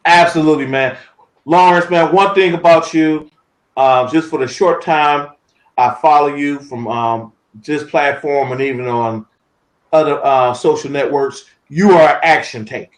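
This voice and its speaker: A man's voice: on the high side, a little slow, echoey room. A man hosting an interview, encouraging his guest with frequent affirmations. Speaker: show host. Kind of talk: casual interview.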